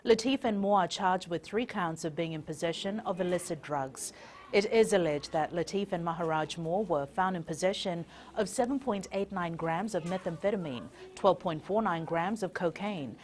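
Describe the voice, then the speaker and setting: A woman news anchor reading scripted bulletins in a measured, formal way from a TV studio. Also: fairly low pitch, darkish tone, a little hiss or hum.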